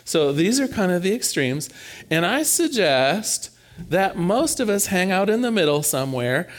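A man delivering a sermon in an easy, conversational way, with a fairly high voice. He gets animated, slows down for emphasis and repeats words as he works through an idea. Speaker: preacher.

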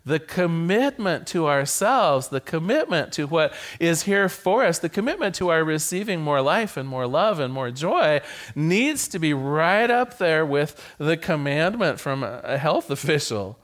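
A man preaching a sermon to his congregation as their minister, playful and animated, sometimes stumbling over a word and starting the phrase again. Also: fairly high pitch, measured pace. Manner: animated, playful, with repeated stammered restarts.

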